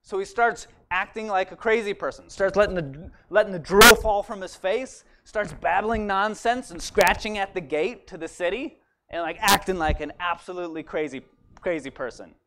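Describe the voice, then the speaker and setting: A man with a high voice tells a church congregation a Bible story. His delivery is chatty and animated, full of "like" and "right?". He sounds like he is talking with friends rather than preaching. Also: normal speed, background noise. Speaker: church speaker. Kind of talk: casual storytelling sermon.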